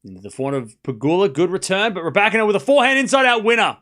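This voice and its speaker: Excitable high-voiced man calling tennis live. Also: racing. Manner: chatty, excitable, jokes and speaks to viewers. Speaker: stream host. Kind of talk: live play-by-play commentary for a watchalong stream.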